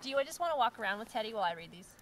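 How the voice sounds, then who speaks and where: A woman's voice: fairly high pitch, big pitch swings, rapid-fire, slight background noise. A woman hosting her channel, casually reading out viewer-submitted jokes and giggling at them. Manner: giggly, breaks into laughter while reading. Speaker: channel host.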